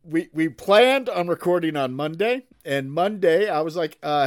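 A man's voice: a little high, lively intonation, moderate pace, few pauses, dry recording, clean studio sound. Laughing, swearing male podcast host. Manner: laughs often, swears casually, stumbles and repeats words. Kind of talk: casual chat. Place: home kitchen.

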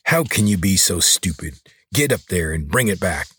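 A man voicing a gruff, bullying middle-aged farmer who scolds in rough rural speech. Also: sits low, sing-song, normal speed, a bit bright, no room sound, clean studio sound, heavily acted. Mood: scolding.

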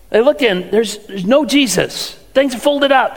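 A man preaches a sermon in a chatty, questioning way, his voice pitched high for a man. The sound carries a long hall reverb. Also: expressive, normal speed, few pauses. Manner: conversational preaching with rhetorical questions. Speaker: pastor.

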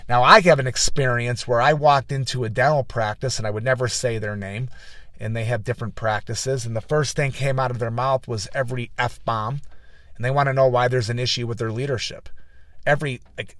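A man's voice: medium pitch, steady tone, brisk, fairly bright tone, no echo. A man hosting a motivational podcast, telling business stories in a rambling, folksy way with many restarts and repeated words. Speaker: motivational speaker and podcast host. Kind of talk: casual motivational talk.

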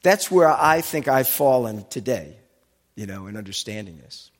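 A man's voice: medium pitch, animated, moderate pace. A man giving a sermon, teaching with asides and explaining Hebrew and Greek words. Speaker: pastor. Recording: long hall reverb.

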